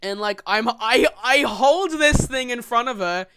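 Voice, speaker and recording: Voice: mid-range voice, lively intonation, a little slow, sharp tone, clean tone. Young aussie telling a long rambly story on a podcast, swears a lot, laughs through it, mid-range voice. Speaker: podcast co-host. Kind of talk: casual storytelling chat.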